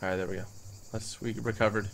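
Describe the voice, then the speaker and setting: A man giving playful let's-play commentary on a survival game, excitable and bursting into loud yelling at the game. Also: on the low side, quick pace, slight background noise. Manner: playful, jokey. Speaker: gaming YouTuber.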